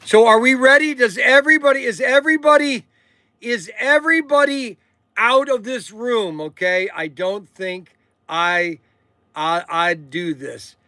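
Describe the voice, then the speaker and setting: A man's voice: very high-pitched, a little slow, bright, forceful tone, no echo. A man hosting a casual livestream, rambling and repeating himself, tacking "okay" onto his sentences. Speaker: livestream host.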